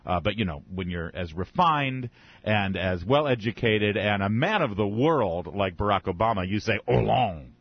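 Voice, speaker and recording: A man's voice: lowish voice, expressive, normal speed, no room sound. A man hosting political talk radio, delivering sarcastic, mocking commentary with frequent asides. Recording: dull radio broadcast sound.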